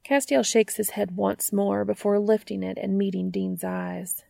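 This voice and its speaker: A woman narrating a fan fiction story in a calm, intimate storytelling manner. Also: medium pitch, measured pace, gravelly, hardly any pauses, no room sound.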